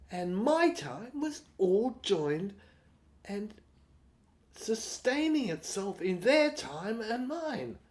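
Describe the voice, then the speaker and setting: A woman reading a first-person audio novel in a dreamy, wandering, halting way. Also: medium pitch. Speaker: narrator.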